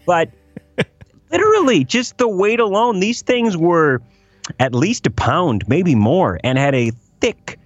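A man's voice: sits high, sing-song, unhurried, no room sound, lo-fi sound, faint music behind. A man co-hosting a podcast, joking and riffing playfully in casual chat. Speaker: podcast co-host.

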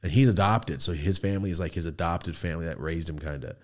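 In a podcast studio, a male host in his thirties tells a profane, casual story and voices the quoted characters. His voice is low and he talks at a quick pace.

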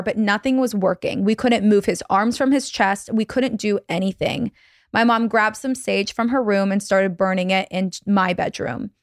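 Woman guest, storyteller, measured creepy delivery, dry close mic, mid pitch. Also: no echo. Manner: reads a listener's story slowly and dramatically. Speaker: podcast guest telling a scary story. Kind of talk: casual storytelling on a video call. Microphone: video call.

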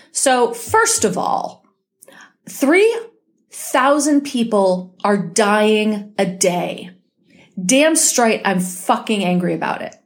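A woman hosting her own podcast from home, talking in a blunt, heated and profane way, still recovering from an illness. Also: medium pitch. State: recovering from illness, may cough. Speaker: podcast host. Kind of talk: casual solo podcast monologue.

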